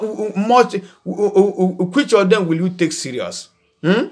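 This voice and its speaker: A man gives an informal video sermon, repeating words in emphatic bursts and pausing with hesitant fillers. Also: high voice, expressive, a little mellow. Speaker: preacher and channel host.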